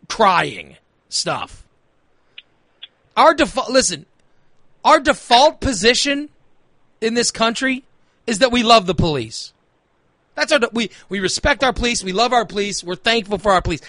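A man's voice: high voice, very animated, unhurried, long pauses, sharp tone, no echo. A man hosting a talk radio show, ranting in a heated, emphatic way and repeating phrases for emphasis. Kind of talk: opinionated talk radio rant.

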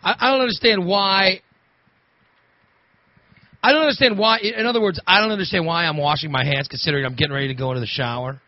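A man's voice: high-pitched, fast talker, long pauses. A man telling a rambling, repetitive story in casual chat, laughing often. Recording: dull lo-fi recording.

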